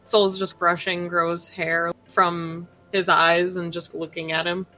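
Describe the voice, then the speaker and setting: A woman's voice: fairly low pitch, level tone, slow, pushed and bright, soft background music, rough recording. A woman playing a tabletop game, narrating her character casually and laughing often. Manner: laughs often, rambling with fillers. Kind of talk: casual role-play narration.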